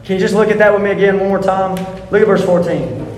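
High-voiced pastor preaching in a hall. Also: male voice, fairly even intonation, quick pace, a little mellow. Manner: earnest, emphatic, repeats key words, asks the congregation questions. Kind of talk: sermon. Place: church sanctuary. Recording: echoey hall, long reverb.

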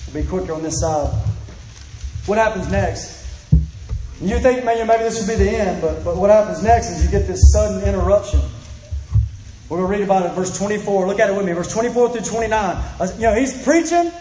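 A man's voice: sits high, fairly quick, echoey room, background noise. A man preaching a sermon in an earnest, pleading way, repeating his phrases and acting out the voices he quotes.

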